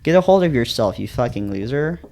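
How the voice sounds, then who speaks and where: A man voicing an anxious young man from a visual novel, tearful and harsh with himself, his voice held low and hushed as he scolds himself over and over. Plain storybook reading, nothing showy. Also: animated, a little fast, close to an everyday voice. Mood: upset. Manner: tearful, self-berating. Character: anxious young man crying alone, self-loathing.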